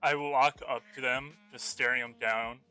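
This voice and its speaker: A man's voice: medium pitch, steady tone, normal speed, pushed and bright, clear, resonant tone, soft background music, lightly acted. A man playing a blunt taunting pit bull. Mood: menacing. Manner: blunt, taunting, plain-spoken. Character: big tough male pit bull dog. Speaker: player. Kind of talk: in-character tabletop role-play.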